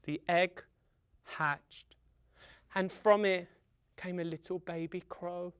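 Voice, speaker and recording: A man telling a folktale to children in a theatrical way, with dramatic pauses and sound effects. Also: high-pitched, steady tone, fairly bright tone, clear, resonant tone, dry recording. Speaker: storyteller.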